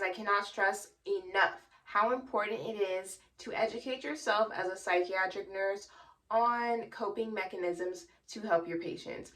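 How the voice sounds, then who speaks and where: A woman's voice: on the low side, fairly bright tone, distant mic. A young woman who works as a psychiatric nurse, explaining in a chatty, earnest way with a lot of "you know". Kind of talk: casual educational explainer.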